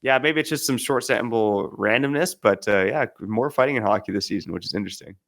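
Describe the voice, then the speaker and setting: A man's voice: on the low side, a little fast, gravelly, a bit bright. A man co-hosting a sports podcast, talking in a casual, easygoing way with frequent hesitations. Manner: easygoing, hesitant with many fillers. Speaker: podcast co-host.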